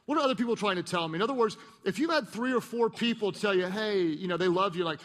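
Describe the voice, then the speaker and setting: Animated pastor preaching in a big hall. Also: male voice, sits high, fast, hardly any pauses. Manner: animated storyteller, acts out voices and mocks himself. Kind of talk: sermon.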